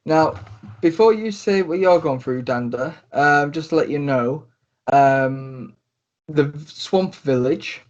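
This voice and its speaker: A man narrating a tabletop role-play as game master, rambling with many pauses and restarts. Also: a little high. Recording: dull lo-fi recording.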